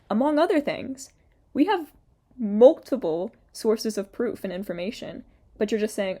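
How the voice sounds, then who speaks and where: Young woman, sarcastic, swears a lot, laughs between lines, mellow voice, casual reaction commentary. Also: medium pitch, animated, a little slow. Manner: mocks quoted lines in a put-on voice. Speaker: commentary YouTuber.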